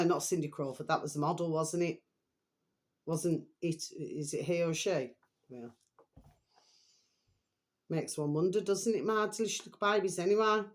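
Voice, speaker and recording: A middle-aged woman, chatting unrehearsed to camera in a rambling, meandering way. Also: lowish voice. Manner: rambling, keeps repeating a pet phrase to viewers. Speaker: vlogger. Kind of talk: casual unrehearsed chat to camera.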